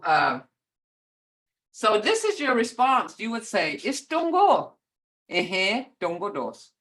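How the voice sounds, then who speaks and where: A woman's voice: mid-range voice, sing-song, slow pace, bright, forceful tone, rough recording. An older woman teaching a beginner language class over a video call, patiently repeating words to model their tones.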